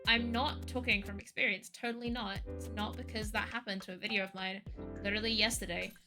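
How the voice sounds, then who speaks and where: Streaming from home with music behind her, this woman speaks fairly quickly in a medium pitch and a steady tone. She rambles and rants through casual chat, saying "like" constantly.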